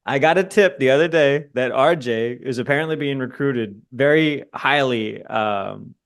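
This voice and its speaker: A man's voice: medium pitch, moderate pace, creaky, clean tone. A young man, co-hosting a sports podcast and telling long stories with plenty of swearing. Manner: profane, rambling storyteller. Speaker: podcast co-host. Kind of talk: casual sports podcast chat. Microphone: podcast microphone.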